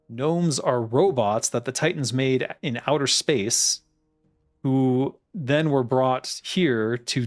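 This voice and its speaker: A man chatting casually as he plays through a game, laughing often and poking fun at himself. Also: mid-range voice. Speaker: game designer streamer. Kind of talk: casual gameplay commentary.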